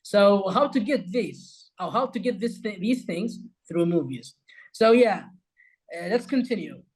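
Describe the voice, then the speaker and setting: A man's voice: sits high, lively intonation, measured pace, darkish tone, husky, rough recording. A man whose first language is Arabic, hosting a talk and explaining English accents, often addressing viewers as "guys" and repeating phrases. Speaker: host.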